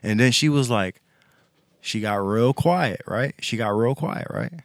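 A man's voice: medium pitch, unhurried, vocal fry, dry recording, clean studio sound. A man telling a story casually on a podcast, emphatic and repetitive.

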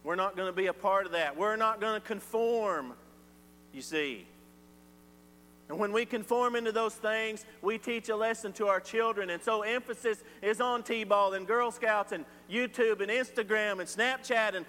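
A man preaching a sermon, swinging from loud emphatic lines to quiet ones. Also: high voice, moderate pace. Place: church sanctuary. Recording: reverberant church hall with faint hum.

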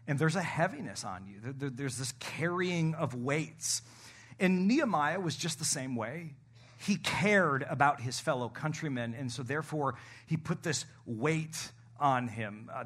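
A man's voice: fairly high pitch, a bit bright. A middle-aged man preaching a sermon in a church, building to emphatic calls to the congregation. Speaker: pastor.

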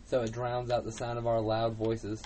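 A man co-hosting a casual podcast, loud and jokey, slipping into silly voices. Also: monotone, normal speed, a little hiss or hum, poor audio. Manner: loud, jokey, breaks into shrill put-on voices. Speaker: podcast co-host. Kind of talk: casual chat.

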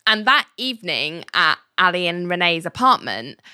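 A woman's voice: on the low side, normal speed, clean tone, no echo, studio quality. A woman casually recapping a TV episode, acting out the characters' lines and laughing often. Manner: animated, acts out quotes, laughs often. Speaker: podcast co-host recapping a TV episode.

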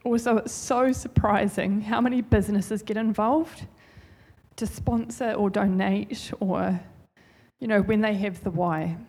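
A woman's voice: medium pitch, steady tone, unhurried, darkish tone, breathy edge. Chatty New woman giving a heartfelt talk. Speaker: church speaker. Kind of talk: informal sermon testimony.

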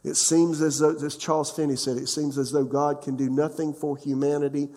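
A man's voice: on the high side, level tone, a little fast, a little mellow, big-room sound. A pastor in his sixties preaching a conversational sermon, often asking the congregation questions.

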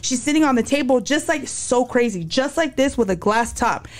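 A woman's voice: high-pitched, lively intonation, normal speed. A young adult woman telling her life story as a podcast guest, candid and slangy, acting out quotes. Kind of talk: casual storytelling interview.

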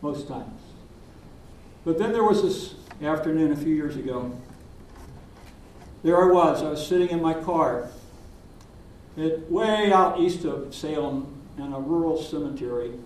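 Older male minister, gentle reflective sermon, mellow tone, heard from across an echoey sanctuary. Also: a little high, distant mic, slight background noise. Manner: gentle, reflective storytelling with pauses. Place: church sanctuary.

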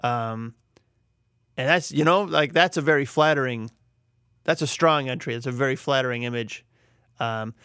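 A man's voice: mid-range voice, moderate pace, long pauses, fairly bright tone, clean tone, no echo, clean studio sound. A man hosting a podcast alone, talking casually with wry, rambling, self-deprecating asides. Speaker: podcast host. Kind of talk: casual solo podcast talk.

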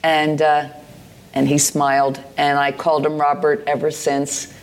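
A woman's voice: sits low, completely flat delivery, measured pace, a little hiss or hum. Meandering older woman telling stories on stage. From United States. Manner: meandering storyteller, hesitant with many fillers and restarts. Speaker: interview guest, poet and artist. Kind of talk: live on-stage conversation, storytelling. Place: live venue stage with an audience.

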